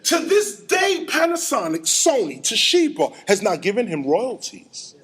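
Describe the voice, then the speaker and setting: A middle-aged man giving an animated storytelling lecture, acting out sounds and quotes. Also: high voice, a little slow. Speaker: hip hop lecturer.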